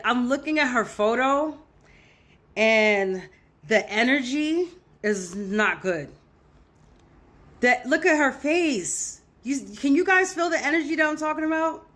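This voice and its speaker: A woman's voice: a little high, a bit bright. Woman in a heated, profane rant. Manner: heated, profane, repetitive ranting. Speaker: social media commentator. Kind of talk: angry reaction rant to camera.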